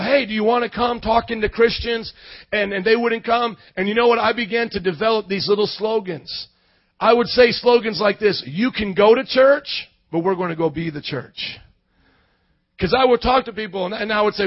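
A man preaching, telling his story in a sermon, from quiet storytelling up to shouted passion. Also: high-pitched, dry recording, highs cut off. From Indiana suburb. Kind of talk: sermon testimony.

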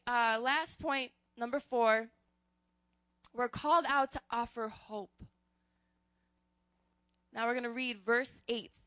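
A young woman giving a casual, earnest sermon, calling her listeners "guys" and speaking with animated conviction. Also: high-pitched, no room sound. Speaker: youth preacher.

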